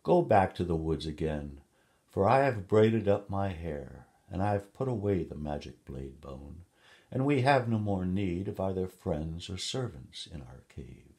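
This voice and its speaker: A man reading a story aloud and voicing a wise, firm woman who speaks louder and higher than his narration. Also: big pitch swings, unhurried, full character voice. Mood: firm, mocking. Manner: raised, laughing, commanding.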